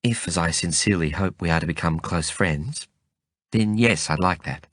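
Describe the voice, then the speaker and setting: A man's voice: lowish voice, animated, normal speed, fairly bright tone, no room sound, clean studio sound. A man voicing a composed young woman with an Australian accent, a dryly amused undercover officer, in an audiobook reading.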